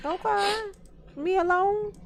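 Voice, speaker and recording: A woman's voice: very high voice, fairly even intonation, slow pace, gravelly, slight background noise. A woman giving sarcastic, laughing commentary over a courtroom video.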